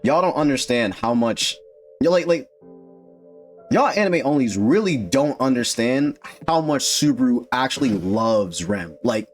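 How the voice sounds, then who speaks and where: A man's voice: mid-range voice, animated, a little slow, soft background music. A man reacting to an anime episode, emotional and swearing in casual slang. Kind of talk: live reaction commentary.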